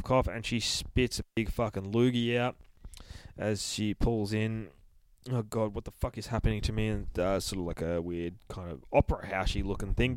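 A man's voice: lowish voice, a little mellow, no echo. A man casually recapping a horror comic, swearing constantly and acting out the characters' lines. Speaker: comic book podcast host.

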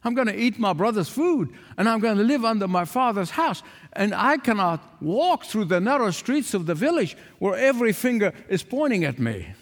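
A man's voice: high-pitched, big pitch swings, moderate pace, pitched above the performer's own voice. An older preacher voicing a proud young man who stammers as he refuses to return home. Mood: desperate. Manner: stammering, pleading. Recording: long hall reverb.

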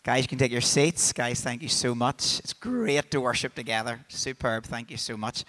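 A man's voice: mid-range voice, sing-song, normal speed, few pauses, sharp tone. A man hosting on stage, leading a prayer and hyping up the crowd. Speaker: host and worship leader. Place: stage in a large festival tent.

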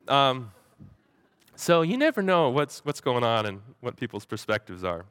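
Very animated and fairly bright, a young man's medium-pitched voice carries a story to a church crowd. His delivery halts with frequent word repetitions, and he vividly performs the voices of people he quotes; the sound is studio quality without echo.

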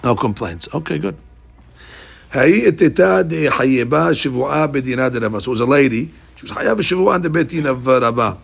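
Gravelly, husky man teaching Talmud. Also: mid-range voice. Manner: reads Aramaic slowly, explains in animated English. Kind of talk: Talmud class, reading and explaining.

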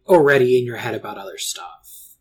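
Female podcast co-host, very deep, lively pitch, thoughtful chat. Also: a little fast, breathy edge. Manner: thoughtful, hedging, with filler words. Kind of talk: casual chat.

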